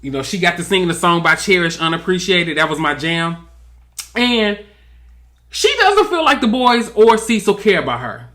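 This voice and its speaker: A man's voice: sits high, very animated, normal speed, bright, forceful tone. A man giving sassy, drawling comedic recap commentary on a reality TV episode. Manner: sassy, drawling, mimics cast members in quotes.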